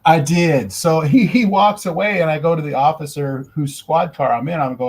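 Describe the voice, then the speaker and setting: A man in casual chat, telling an animated anecdote and acting out the quoted lines. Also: on the high side, normal speed, few pauses, husky, rough recording. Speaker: stream co-host.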